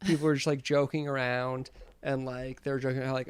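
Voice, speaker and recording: A woman's voice: rumbling low, level tone, quick pace, clean tone, no room sound. Woman podcast co-host, chatty and profane, in a dry close sound. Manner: chatty storyteller, swears freely. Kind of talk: casual chat.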